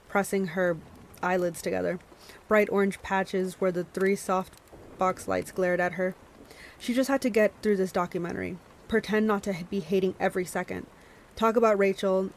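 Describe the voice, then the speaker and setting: A woman's voice: medium pitch, slight background noise, poor audio. Woman streamer reading a novel aloud. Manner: reads with small stumbles and self-corrections, chats to viewers between passages. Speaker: streamer hosting a book club.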